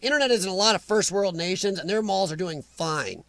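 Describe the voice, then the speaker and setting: A man's voice: sits high, fairly quick, a bit bright. A middle-aged man, hosting a casual live chat, teasing and joking with commenters. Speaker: livestream host reading chat.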